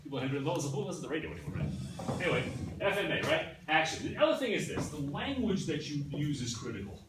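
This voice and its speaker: A man teaching a class in a conversational, animated way, often checking in with his listeners. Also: on the high side, quick pace, music in the background. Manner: animated, keeps checking in with "right?" and "yeah?". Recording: echoey room from a distance, faint ambience.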